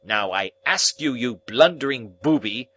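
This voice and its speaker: A man voicing a stern, bullying older lawyer in an audiobook reading, barking harsh, forceful commands. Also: mid-range voice, very animated, measured pace, no echo, voice pushed up, heavily acted. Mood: furious.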